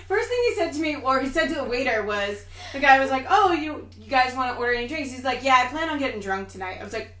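A woman's voice: sits high, lively intonation, fast, hardly any pauses, fairly bright tone, roomy sound, recorded from a distance. A woman co-hosting a podcast, animatedly telling a dating story and acting out the quotes in casual chat. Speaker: podcast co-host.

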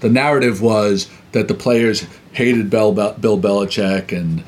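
A man hosting an interview, asking long, halting questions with many fillers and restarts. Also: lowish voice, fairly even intonation. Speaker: interview host.

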